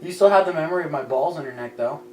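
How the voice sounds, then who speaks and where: A man's voice: on the high side, racing, a little mellow, recorded from a distance. A young man in casual chat among friends, teasing and wry, often trailing off into mutters. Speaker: podcast regular. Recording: echoey room with faint hum.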